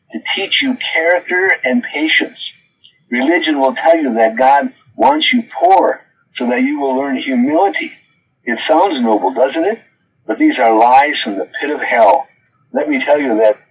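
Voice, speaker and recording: Male preacher, sermon delivery, animated intonation, faint noise behind. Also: medium pitch, vocal fry, low-quality recording. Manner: reads quotes from notes, then rebuts them with questions.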